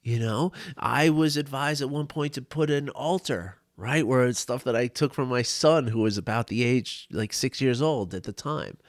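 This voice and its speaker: A man's voice: mid-range voice, moderate pace, few pauses, no room sound, studio quality. A middle-aged man and life coach, talking through tears in a personal video to his viewers, open and emotional. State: tearful.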